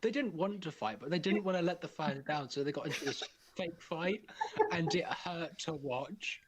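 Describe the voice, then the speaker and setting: A man's voice: fairly high pitch, a loud crowd. A British man teasing the other players dryly in a casual chat during a live tabletop game. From Britain. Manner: teasing, dry, quick with jokes.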